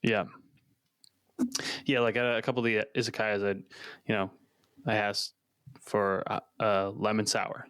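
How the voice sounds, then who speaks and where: A man's voice: lowish voice, steady tone, measured pace, pauses often, fairly bright tone, clear, resonant tone, no room sound, clean studio sound. A man co-hosting a podcast, chatting casually in a laid-back, joking way. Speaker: podcast co-host. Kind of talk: casual chat.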